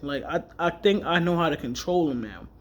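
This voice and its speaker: Candid man with a higher voice, rambling. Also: animated, normal speed. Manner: candid, rambling, emotional retelling with self-corrections. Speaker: vlogger. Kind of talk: casual personal storytelling vlog.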